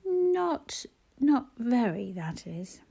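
A woman's voice: medium pitch, animated, moderate pace, mellow, lightly acted. A woman reading aloud and voicing a brave, practical young girl who talks earnestly and reassuringly in a storybook. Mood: gentle, reassuring.

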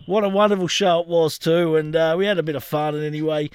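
A man's voice: fairly high pitch, fairly even intonation, fast, clean tone, no room sound, clean studio sound. A middle-aged Australian man hosting a radio show, telling a rambling story with laughs. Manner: rambling, laughing, says "big fella". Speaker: radio host. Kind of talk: casual storytelling chat.

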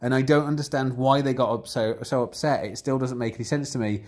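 A man's voice: medium pitch, fast. Candid man in casual chat. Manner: candid, rambling, animated when retelling exchanges.

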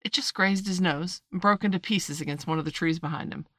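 Kobieta o niskim głosie czytająca bajkę równym, spokojnym tempem, nagrana blisko mikrofonu, bardzo sucho, bez pogłosu. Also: female voice, lowish voice, a little fast, fairly bright tone, dry recording, clean studio sound. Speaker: narrator. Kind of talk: audiobook reading.

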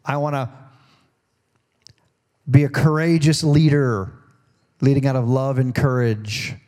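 Speaking slowly with a flat, slightly mellow delivery at medium pitch, this man is a church pastor giving a sermon in a conversational style. During the service he puts questions to the congregation and performs the voices of quoted speakers.

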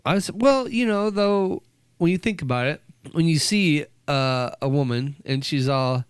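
A man's voice: a little high, unhurried, clean tone, no room sound, studio quality. A man co-hosting a casual podcast chat, joking around and slipping now and then into mock voices. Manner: jokey, slips into mock voices. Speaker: podcast co-host.

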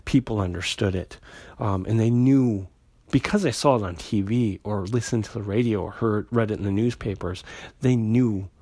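A man's voice: lowish voice, normal speed, warm tone, dry recording. A man recapping an old comic book issue in a casual, rambling way, with many fillers and restarts. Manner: conversational, lots of fillers and restarts, paraphrases characters loosely. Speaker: comic book podcast host.

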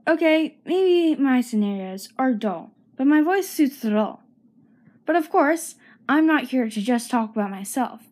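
A woman's voice: high-pitched, animated, unhurried, a little mellow. A woman giving a scripted comedic monologue as narrator and host, playful and self-mocking, with sing-song emphasis.

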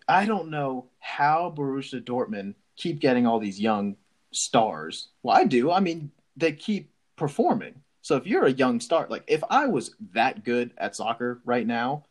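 Casual sports podcast co-host: young man, mid-pitched, excitable, laughs easily. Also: unhurried. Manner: excitable, laughs often, many restarts.

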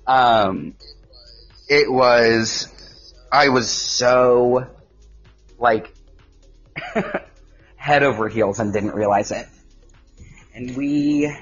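A man's voice: mid-range voice, breathy edge. A young man casually telling a personal story, chatty and full of fillers, quoting his own thoughts along the way. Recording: dull lo-fi recording with faint music.

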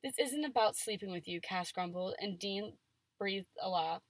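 A woman's voice: medium pitch, animated, moderate pace, no echo. A woman reading fan fiction aloud on a casual podcast, giving the dialogue playful emphasis and chatting between passages.

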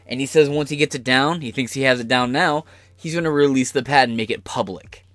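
A man's voice: medium pitch, fairly quick, a bit bright, no echo. A man hosting a podcast, delivering heated, sarcastic political commentary full of profanity. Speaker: podcast host.

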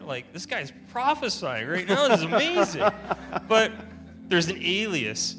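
A man's voice: high-pitched, sing-song, moderate pace. A man giving an informal testimony-style sermon at church, telling stories in a chatty way and laughing often. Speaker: church speaker. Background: soft guitar music.

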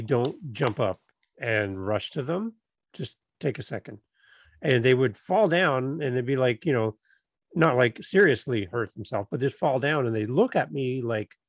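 A middle-aged man with a medium-pitched voice, on a dry recording, hosts a casual podcast interview. He tells stories with great animation, acting out children's voices.

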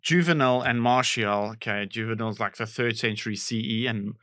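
A man co-hosting a comedy podcast, an animated storyteller who acts out the people in his stories and laughs loudly. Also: lowish voice, moderate pace, dry recording, studio quality. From South Africa. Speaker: podcast co-host. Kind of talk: casual comedic chat.

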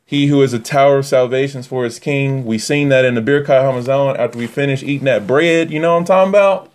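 A man giving a casual, animated Torah teaching that swings from near-yelling to quiet asides. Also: fast. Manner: animated, rising to near-yelling then dropping low.

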